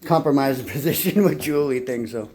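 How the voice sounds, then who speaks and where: A man's voice: mid-range voice, brisk, a little mellow, slight background noise. A man telling his life story in a rambling, casual monologue, swearing constantly and often stumbling and repeating words as he restarts his sentences. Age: adult.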